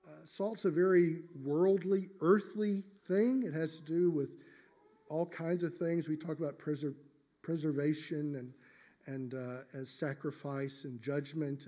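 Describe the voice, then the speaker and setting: A male pastor preaching a sermon in church, measured and emphatic, slowing down on key phrases. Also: fairly high pitch, a little mellow.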